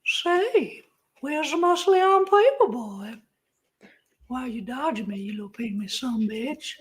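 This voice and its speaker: A creepy old man who leers at the boy next door, in a high, reedy, quavering falsetto. He draws his words out slowly, in the manner of a cartoon pervert. The voice sits a little away from the mic. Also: expressive. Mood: leering.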